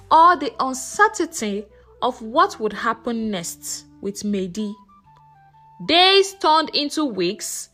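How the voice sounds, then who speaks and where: A woman narrating a folktale in a slow, expressive storytelling manner. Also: sits high.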